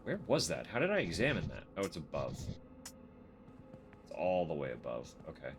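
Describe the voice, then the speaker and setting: A man's voice: extremely low pitch, huge pitch swings, normal speed, over music. A man streaming a game, reading its text aloud and adding dry, sarcastic asides.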